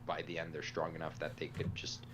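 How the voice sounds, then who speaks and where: A man's voice: extremely low pitch, completely flat delivery, a little fast. A man streaming a game, explaining things casually in a hesitant way full of "like"s, over a humming background noise. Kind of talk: casual chat.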